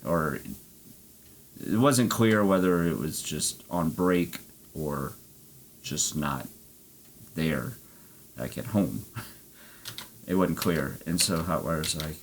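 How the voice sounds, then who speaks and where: A man's voice: rumbling low, slow pace, long pauses, slight background noise. A man streaming an arcade golf game, telling a rambling story and swearing freely. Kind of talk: casual chat.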